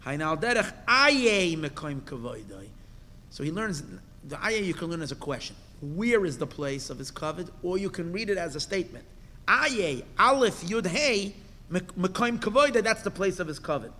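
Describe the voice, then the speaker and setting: A man's voice: fairly high pitch, expressive, moderate pace, bright, forceful tone. A man, a rabbi, giving a Torah class. He reads a Hebrew text phrase by phrase and explains each in English, with emphatic bursts and questions. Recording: long hall reverb.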